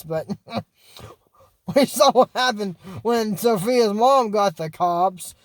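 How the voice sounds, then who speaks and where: Rambling man recapping a cartoon. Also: high voice. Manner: rambling, meandering asides. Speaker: video host. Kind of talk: casual cartoon episode recap.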